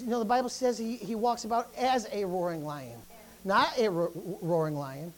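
A preacher delivering a fervent sermon, swinging from quiet asides to loud exhortation, with frequent calls of hallelujah and praise. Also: sits high.

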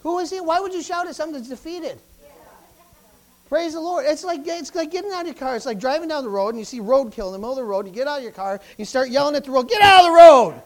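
High-pitched preacher in church, all fired up, hallelujah every other line, goes quiet then loud. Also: fast. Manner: fervent, swings from quiet asides to loud exhortation; repetitive calls of praise and hallelujah. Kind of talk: sermon.

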